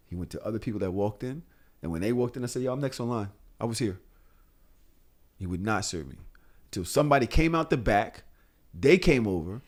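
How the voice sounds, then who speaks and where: A man's voice: lowish voice, breathy edge. Blunt, profane man telling a story. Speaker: podcast host. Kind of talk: casual chat.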